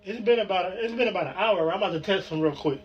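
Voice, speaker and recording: A man talking into his phone in a casual, excited, rambling way, repeating himself. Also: high-pitched, quick pace, lo-fi sound. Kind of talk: casual selfie narration.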